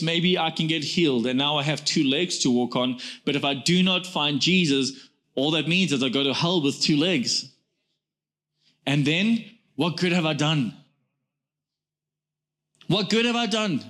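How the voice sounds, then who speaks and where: A man's voice: fairly high pitch, fairly bright tone. A pastor in his forties preaching a sermon to his congregation, emphatic and repetitive, often calling them "guys". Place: church before a congregation.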